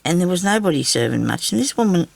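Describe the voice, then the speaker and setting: A woman's voice: lowish voice, very animated, quick pace, creaky, no room sound. An Australian woman chatting in a casual, rambling way while she crafts and tells stories. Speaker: craft vlogger.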